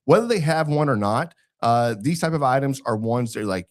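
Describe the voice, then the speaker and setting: A man's voice: medium pitch, lively intonation, normal speed. A man with a Texan accent hosting a casual barbecue podcast, rambling with fillers and restarts. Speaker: podcast host. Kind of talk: casual chat.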